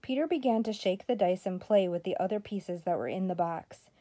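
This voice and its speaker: An older woman, a grandmother, reading a children's story aloud in a steady, expressive way. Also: medium pitch, brisk.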